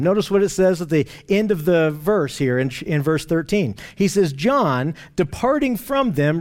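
A man teaching a Bible study lesson over a map, explaining in a steady way with frequent restarts and fillers. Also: sits high.

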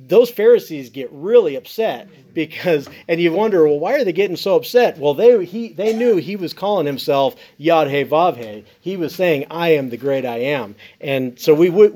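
A man's voice: fairly high pitch, darkish tone. A man who wrote a Bible commentary, explaining scripture in casual teaching talk, earnest and full of fillers and restarts.

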